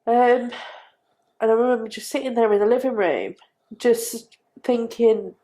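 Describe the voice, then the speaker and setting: A middle-aged woman recounting a painful personal story as a podcast guest, halting and repeating herself. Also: on the high side. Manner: halting, repeats phrases, quiet.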